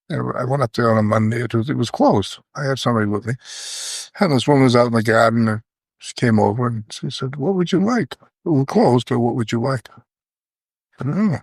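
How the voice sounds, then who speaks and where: An older man with a Maine accent, a veteran fishing guide telling folksy stories in an interview, often trailing off quietly. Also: mid-range voice, fast, no room sound. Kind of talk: storytelling interview.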